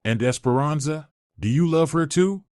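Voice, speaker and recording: Pitching above his own natural voice, a male performer lightly acts a betrayed young woman who talks in a firm, cold manner. The voice is on the high side with a darkish tone at normal speed, recorded studio-quality without echo.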